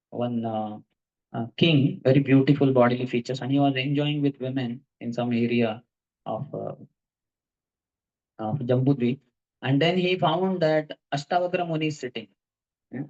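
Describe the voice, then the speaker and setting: Male monk lecturing, mellow tone, dull lo-fi recording, storytelling with chuckles. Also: medium pitch. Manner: storytelling, chuckles, rhetorical questions. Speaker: monk giving a lecture to students. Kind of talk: devotional lecture.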